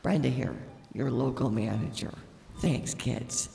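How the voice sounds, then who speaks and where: A scatterbrained female store manager making an intercom announcement, voiced by a man in a comedy skit. Her voice is very gravelly and dark. It echoes with a long reverb, as though heard over a store loudspeaker. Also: mid-range voice, measured pace, faint music behind. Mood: chipper. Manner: rambling, forgetful announcement.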